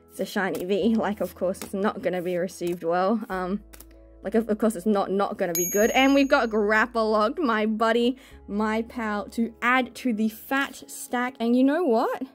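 A young woman chatting casually as she opens card packs on camera, excitable and gushing, squealing over good pulls. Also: fairly high pitch. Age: young adult. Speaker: card-opening vlogger. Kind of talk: casual chat while opening card packs.

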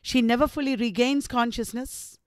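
A woman with an Indian English accent giving a recorded literature lecture, retelling the story slowly and deliberately. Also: on the high side, fairly even intonation, clean tone, no room sound.

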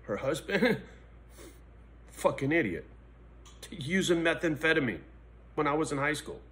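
Blunt, slow-talking middle-aged man. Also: on the high side, expressive. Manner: blunt and profane, swings between angry rants and quiet reflection. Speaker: vlogger. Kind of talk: emotional personal monologue.

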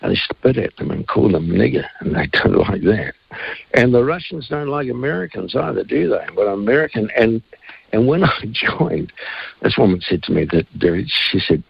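A man's voice: medium pitch, big pitch swings, moderate pace, vocal fry, breathy edge, no room sound, dull audio. A man, a singer-songwriter telling rambling, earthy stories in a casual radio interview.

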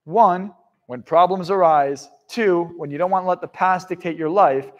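High-pitched male motivational speaker, profane, loud-to-quiet swings, live seminar. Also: normal speed, dull audio.

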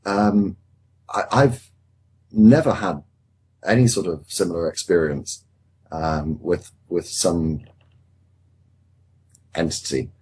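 Husky-voiced male host. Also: low voice, a little mellow. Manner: measured, inquisitive, stammers on openings. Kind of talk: casual panel chat.

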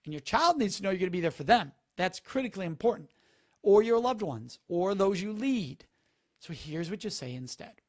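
A man's voice: high-pitched, sing-song, normal speed. A man on a live stream giving earnest, instructive advice and repeating the key words for emphasis. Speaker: speaker on preventing sexual assault, talking to a live audience.

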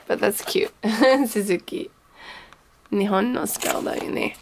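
Slow, gravelly-voiced gushing woman. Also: a little high, big pitch swings, a bit bright, slight background noise. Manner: gushing, exclaims over small gifts; sprinkles in Japanese phrases. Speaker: scrapbooking vlogger. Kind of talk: casual unboxing chat.

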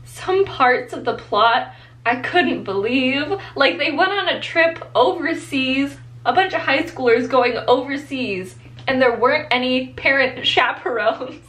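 A woman vlogging about books in a chatty, excitable way, filming at home. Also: sits high, unhurried. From Florida, USA. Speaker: book vlogger. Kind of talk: casual vlog chat. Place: home, partly outdoors.

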